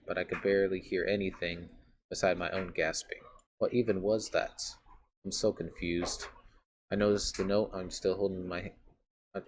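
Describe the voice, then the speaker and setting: Deep-voiced gamer reading a horror story aloud. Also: male voice, slight background noise. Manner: dramatic, blurts out loud swearing, trails off into asides. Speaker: gaming YouTuber. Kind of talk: reading a horror visual novel aloud with commentary.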